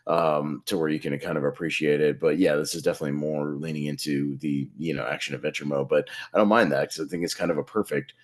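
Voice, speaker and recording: A man chatting casually about a movie, enthusiastic and measured, with some filler words. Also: extremely low pitch, steady tone. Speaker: podcast co-host.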